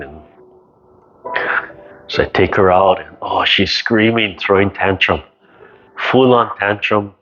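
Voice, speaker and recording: A man teaching tai chi over a video call, telling casual family stories and giving calm, unhurried movement cues. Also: low voice, husky. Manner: calm, unhurried cueing with many "right?" checks. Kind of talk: casual storytelling and guided exercise cues. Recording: dull lo-fi video call audio.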